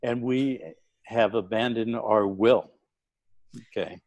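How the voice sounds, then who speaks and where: Guy with a low voice, dry sound, slow careful explaining, keeps saying okay?. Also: darkish tone, no room sound, poor audio. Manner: deliberate, tags points with "okay?". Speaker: guest. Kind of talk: casual online interview.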